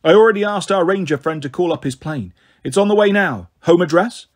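A man reading the part of a gruff, proud male satyr coach, blunt and husky. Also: high voice, animated, brisk.

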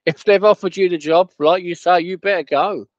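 A man's voice: high voice, normal speed, dry recording, lo-fi sound, voice pushed up, close to an everyday voice. A man voicing a stubborn, sarcastic older male club chairman, quoted while reading a story aloud. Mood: mocking. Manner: incredulous, mocking.

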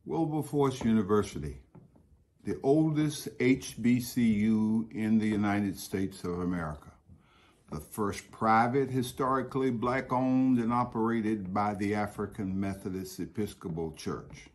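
A man giving a formal spoken address, slow and emphatic, urging listeners to enroll. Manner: slow, emphatic, lively pitch. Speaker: speaker promoting the university.

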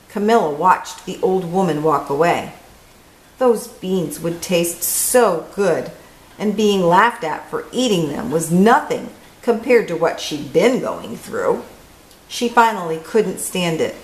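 A woman reading a children's picture book aloud as host, with expressive story-time delivery. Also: on the low side, takes it slowly. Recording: echoey room.

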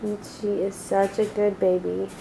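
A woman's voice: mid-range voice, flat delivery, measured pace, creaky, dark tone, slight background noise. A mother at home talking to her newborn in sing-song, coaxing baby talk, recorded on a camcorder. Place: at home, indoors. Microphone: built-in camcorder mic.

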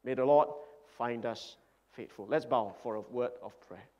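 A man's voice: mid-range voice, normal speed, darkish tone, muffled recording. A man preaching a sermon as pastor, speaking earnestly and emphatically, with repeated phrases.

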